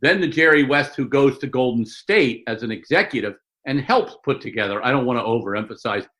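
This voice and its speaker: Animated older storyteller man. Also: medium pitch, poor audio. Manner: animated storyteller, quick asides and mock voices. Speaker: sportswriter guest. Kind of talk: conversational interview storytelling.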